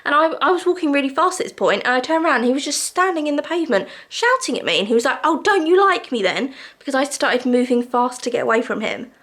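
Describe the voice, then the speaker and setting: A woman's voice: high voice, lively intonation, fast talker, few pauses, a bit bright. A woman talking casually to camera in a vlog, shaken and a little tearful, chatting with lots of fillers. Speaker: vlogger.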